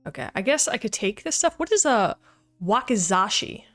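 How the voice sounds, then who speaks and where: Over faint music, a woman with a mid-range, sing-song, somewhat bright voice talks at a normal pace. She's playing a game on a livestream, chatting casually with viewers and laughing often.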